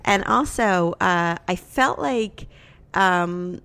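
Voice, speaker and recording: A woman's voice: on the low side, extremely slow, vocal fry, bright, forceful tone, smooth. A woman in her thirties co-hosting a podcast, teasing and scolding her partner in casual banter, swearing often. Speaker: podcast co-host.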